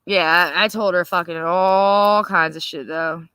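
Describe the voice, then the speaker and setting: A woman hosting a casual livestream, telling a story in a profane, animated way and laughing often. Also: lowish voice, unhurried, few pauses, clear, resonant tone, no room sound. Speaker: livestream host.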